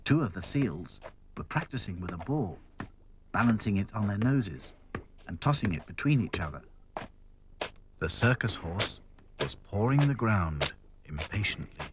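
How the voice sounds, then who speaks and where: A man narrating a children's cartoon story in a gentle, unhurried way, with music underneath. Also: fairly low pitch, animated, background noise.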